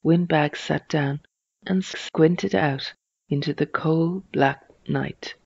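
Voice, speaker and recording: A reader telling a children's storybook in a slow, even storytelling manner. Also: medium pitch, vocal fry, slightly rough, no echo, dull audio.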